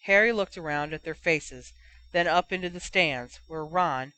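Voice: mid-range voice, unhurried, bright, forceful tone, rough recording. A narrator reading a chapter of fan fiction aloud, telling the story steadily and giving each character a voice. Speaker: audiobook narrator.

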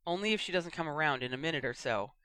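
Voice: mid-range voice, lively intonation, fast talker, pushed and bright, clear, resonant tone, no room sound. A reader doing a curt, grim wizard.

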